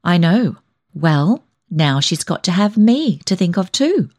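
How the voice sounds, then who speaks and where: A kind, steady young man from a storybook, speaking in a low, soothing voice, read by a woman. He sounds tender and reassuring, calm even when he is troubled. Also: unhurried. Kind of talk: audiobook dialogue.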